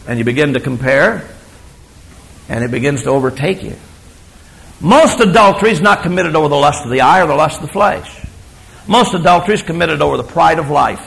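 A man preaching a sermon, emphatic and storytelling, swinging between loud declarations and hushed asides. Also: a little high, a little fast, gravelly, rough recording.

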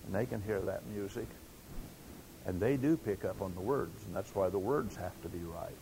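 An older man with a fairly low voice preaches in a plain, folksy manner. He tells stories and acts out the quotes he tells. A faint rumble sits under the recording. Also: normal speed, creaky, mellow, rough recording. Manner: folksy storytelling with acted quotes. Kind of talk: sermon.

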